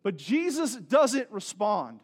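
A man's voice: high voice, very animated, slow pace, slightly rough. A male pastor giving a sermon in a conversational way, with joking asides and questions to the congregation.

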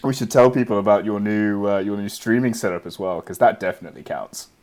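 A man's voice: on the low side, quick pace, darkish tone. Man explaining casually on a podcast. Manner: explanatory, teasing. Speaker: podcast co-host. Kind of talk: casual chat.

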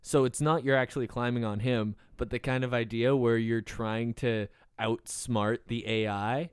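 A man's voice: medium pitch, steady tone, normal speed, clean tone, no room sound, clean studio sound. A man co-hosting a casual podcast chat, pushing back and explaining his ideas. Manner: argumentative, pushes back and explains. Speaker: podcast co-host.

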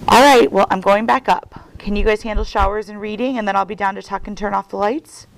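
A woman's voice: mid-range voice, fairly even intonation, fairly quick, gravelly, close to an everyday voice, poor audio. A woman reading aloud and voicing a worried, tired mother questioning her two children. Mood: weary concern. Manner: firm, probing questions.

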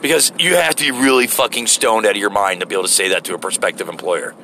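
A man telling an animated, profane story in a casual rant, rambling with many restarts, from inside a car. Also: on the low side, fast, a little hiss or hum. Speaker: vlogger.

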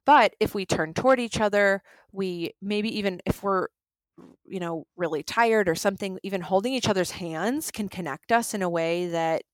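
A woman's voice: mid-range voice, normal speed, no echo. Dry, close woman explaining relationships. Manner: animated, acts out quoted lines. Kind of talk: conversational explaining.

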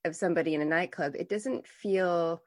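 A woman's voice: on the low side, moderate pace. A woman hosting an interview, speaking in an enthusiastic, effusive way and often restarting her sentences. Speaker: podcast host. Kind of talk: conversational interview.

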